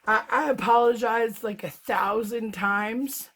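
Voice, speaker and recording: A woman's voice: on the high side, fairly even intonation, takes it slowly, fairly bright tone. A middle-aged woman telling a personal story to her viewers in a casual, chatty way, laughing often as she talks. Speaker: vlogger, fluid art painter.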